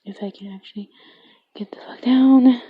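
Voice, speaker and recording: A young woman from Minnesota commenting on her gameplay in a soft-spoken manner, often dropping to a whisper and reading game text aloud. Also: on the high side, steady tone, moderate pace, breathy edge, no room sound, narrow, tinny audio. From Minnesota, USA. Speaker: gamer.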